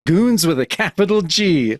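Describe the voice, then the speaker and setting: A man reading out the thoughts of a sharp-eyed, suspicious woman photographer from a comic. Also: sits high, animated, normal speed, dry recording, studio quality, pitched above the performer's own voice. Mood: wry. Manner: reading a comic caption aloud.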